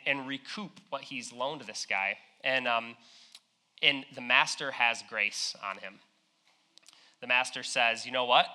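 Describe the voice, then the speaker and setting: A man's voice: mid-range voice, bright, forceful tone. A young man preaching a sermon in a casual, conversational way, retelling a parable with slang and acted-out quotes.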